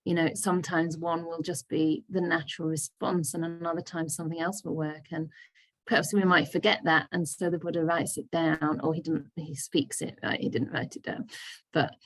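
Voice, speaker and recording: A Buddhist nun leading a discussion group over a video call, answering questions in a thoughtful, laughing way. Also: female voice, sits low, flat delivery, normal speed. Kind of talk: casual teaching discussion.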